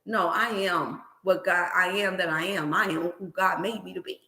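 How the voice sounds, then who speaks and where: A woman hosting a motivational wellness livestream, preaching in an animated, scripture-laced way. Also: on the low side, moderate pace, roomy sound. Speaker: wellness channel host.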